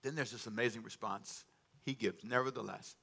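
A man preaching a sermon, calling for responses from the congregation and joking with them between loud, emphatic stretches. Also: on the low side, brisk, creaky, slightly rough. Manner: humorous asides to the congregation. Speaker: pastor. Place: church sanctuary.

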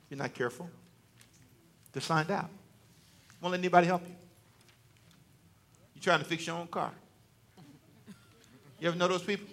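A man's voice: a little high, pushed and bright. A male preacher giving a conversational, joking sermon to a church congregation, teasing and talking directly to them.

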